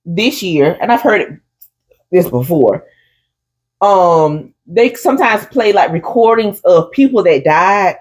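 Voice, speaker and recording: A woman co-hosting a casual chat, telling stories with lively acted-out voices and calling her friend "honey.". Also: on the low side, slow pace. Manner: animated storyteller, acts out crowd voices, says "honey". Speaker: podcast co-host.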